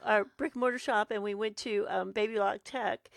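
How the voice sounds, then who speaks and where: A woman's voice: mid-range voice, steady tone, a little fast, gravelly, dry recording. A woman co-hosting a podcast, telling stories in casual chat, often stammering and repeating her words. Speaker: podcast co-host.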